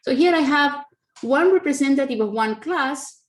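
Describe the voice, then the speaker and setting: A woman's voice: sits high, animated, normal speed. A woman giving a mathematics lecture over a video call, explaining in a conversational, self-correcting way with non-native phrasing and frequent fillers. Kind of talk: online conference math talk.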